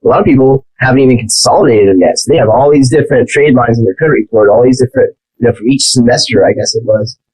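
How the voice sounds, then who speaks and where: A man with a husky, slightly breathy voice, chatting casually on a podcast. He speaks loosely as a lender guest and leans on filler words. His voice sits at a middling pitch. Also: quick pace, few pauses, darkish tone, low-quality recording.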